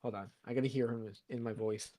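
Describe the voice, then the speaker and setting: A guest on a stream, chatting in a relaxed way and laughing easily. The voice sits mid-range. It is recorded dry and close. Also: medium pitch, quick pace, dry recording. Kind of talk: casual chat.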